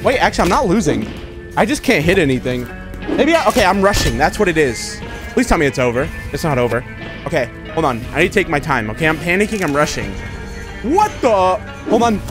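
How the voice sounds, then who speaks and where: A man with a high, very lively voice narrates his VR play, excitable and self-mocking, quick to exclaim at his own misses. Loud game music plays under his commentary. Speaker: gaming YouTuber. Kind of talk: casual let's-play commentary.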